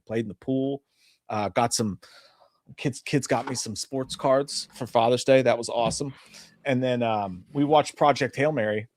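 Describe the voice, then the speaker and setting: Freely swearing as he rambles through stories, this thirty-something co-hosts a casual live-stream chat show. The recording of his medium-pitched voice is dry and studio quality.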